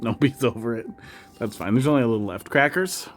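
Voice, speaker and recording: Talking a little fast at a medium pitch, a streamer with a light Wisconsin accent chats casually with viewers. He also speaks to his cats in a sing-song voice, and faint music can be heard in the background.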